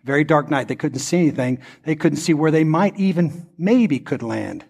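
A man's voice: a little high, animated, moderate pace, gravelly, darkish tone, breathy edge. A male pastor preaching a sermon that builds into an impassioned altar-call prayer. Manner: impassioned, rising to fervent prayer.

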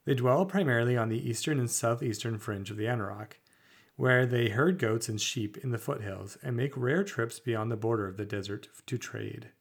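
A man co-hosting a tabletop podcast, reading fantasy lore aloud at a measured, slightly halting pace. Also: medium pitch, breathy edge. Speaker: podcast co-host.

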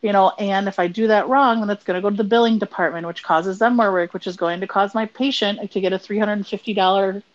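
Animated, laughing woman podcaster. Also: mid-range voice, fast, few pauses, muffled recording. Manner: animated, laughs often, trails off and restarts. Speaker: podcast co-host. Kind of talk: casual chat.

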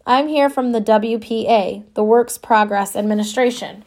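A woman's voice: fairly high pitch, normal speed, darkish tone, lightly acted. A woman reading an audiobook voices a tired, travel-worn little man, an artist from New York. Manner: tired, wary, a bit plaintive.

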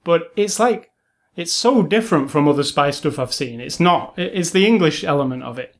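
A man gushing about a film in a loose, casual chat, his voice sitting a bit high. He rambles, restarts sentences and leans on fillers as his enthusiasm runs ahead of him. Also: lively intonation, moderate pace. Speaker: film podcast co-host.

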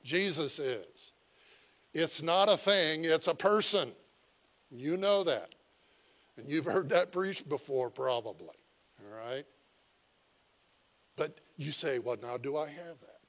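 A man delivers a sermon at an unhurried pace in a slightly high voice. He is folksy and chuckling, with plenty of halting fillers. Then he swells into loud, animated storytelling. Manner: animated storytelling, swings from quiet asides to loud emphatic cries. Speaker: preacher. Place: visiting church.

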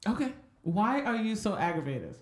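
A woman's voice: medium pitch, sing-song, normal speed, reverberant. A woman co-hosting a podcast in casual chat, teasing and pressing with questions. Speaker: podcast co-host.

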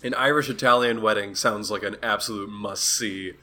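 A man's voice: on the low side, fairly even intonation, normal speed, pushed and bright, a little hiss or hum. A man co-hosting a casual podcast, trading dry quips and laughing often. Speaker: podcast co-host.

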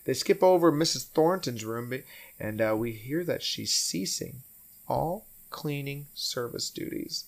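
A man's voice: mid-range voice, lively intonation, unhurried, vocal fry. A man hosting a podcast, chatting casually about a movie, joking and slipping into quoted lines from the characters. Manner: jokey, slips into quoted character voices. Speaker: podcast host.

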